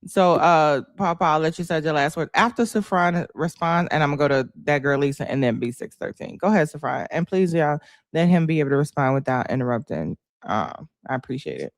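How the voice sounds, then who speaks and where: A woman hosting an online panel, brisk and directive as she moderates speakers. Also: low-pitched, expressive, no room sound, studio quality. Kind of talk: moderating an online audio room.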